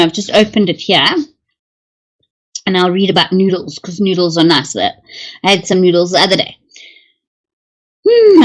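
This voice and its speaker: A woman's voice: medium pitch, poor audio. A middle-aged woman hosting a livestream in casual chat, reading dream meanings, exclaiming often and swearing freely.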